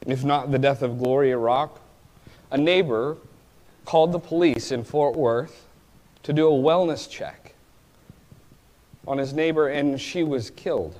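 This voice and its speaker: Guy preaching a sermon, gets loud and pleading then goes quiet, mid-pitched voice. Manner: impassioned, rising to pleading cries and dropping to quiet asides.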